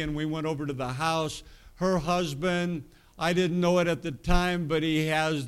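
Middle-aged male preacher, folksy storyteller, slightly high, smooth clear voice. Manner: folksy, rambling anecdotes with self-amused laughter. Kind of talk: storytelling sermon.

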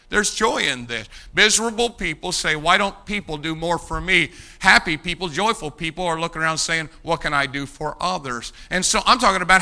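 A man preaching from the pulpit with a high, piercing voice. He hammers his points home, repeats key lines and swings between hushed lows and loud peaks. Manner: emphatic, rising to loud peaks and dropping low. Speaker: pastor. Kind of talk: sermon.

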